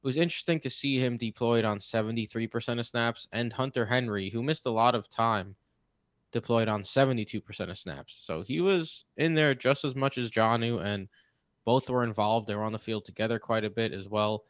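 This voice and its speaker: A man's voice: medium pitch, a little fast, dry recording, lo-fi sound. A man co-hosting a fantasy football podcast, talking casually and rambling with fillers and restarts. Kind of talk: casual sports chat.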